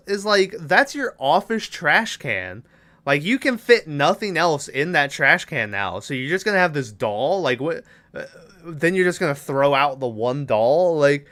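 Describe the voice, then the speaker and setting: Bright-voiced man casually retelling a movie. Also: medium pitch. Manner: loose, profane plot retelling with quick put-on character voices. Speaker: podcast host recapping a film. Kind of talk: casual chat.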